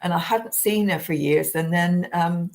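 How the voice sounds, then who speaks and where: A woman's voice: on the low side, unhurried, darkish tone. A woman, a spiritualist medium, chatting casually and telling stories full of fillers. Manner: chatty storyteller with frequent fillers. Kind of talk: casual chat.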